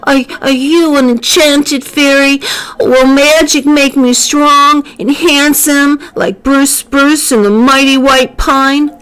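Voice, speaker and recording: A woman voicing a timid little misfit spruce tree boy, high and hesitant. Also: steady tone, slow pace, a bit bright, poor audio. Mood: timid hopeful.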